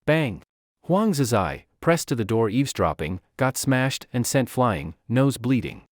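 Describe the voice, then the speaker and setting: A man narrating a comic recap story with a dramatic, animated delivery. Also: medium pitch, unhurried, no echo, clean studio sound.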